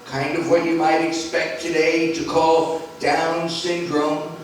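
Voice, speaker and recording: A high-pitched man in his sixties tells his life story slowly and dramatically, pausing for effect. He sounds far from the microphone in a very echoey church, with soft music underneath. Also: completely flat delivery. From Philadelphia, USA. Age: 60s. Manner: deliberate, dramatic pauses, acts out quoted voices. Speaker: gospel singer and speaker. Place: large stone church.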